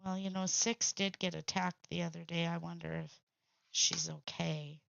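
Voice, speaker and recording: A woman's voice: on the low side, little pitch movement, moderate pace, vocal fry, a bit bright, dry recording. A woman hosting a crafting stream, chatting bluntly with salty language and frequent laughs. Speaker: crafting channel host. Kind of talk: casual craft livestream chat. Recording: dull lo-fi sound.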